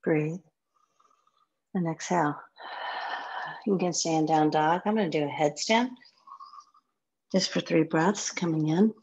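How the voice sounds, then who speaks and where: A woman teaching a yoga class, giving short calm cues while she practices along, sometimes dropping to a whisper. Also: low-pitched, a little slow, pauses often, rough recording. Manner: calm, sparse one-word cues, some soft whispered counts.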